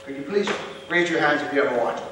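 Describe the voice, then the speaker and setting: A man giving a motivational contest speech to a club, emphatic, with deliberate pauses and punched key words. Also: fairly high pitch. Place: club meeting room. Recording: echoey room from far off, faint hiss.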